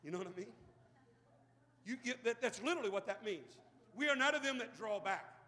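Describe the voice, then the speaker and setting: A man preaching an impassioned sermon as pastor, acting out the people in the story and building to shouts. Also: high voice, animated, fairly quick, big-room sound. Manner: impassioned, plays out bible characters, rising to shouts.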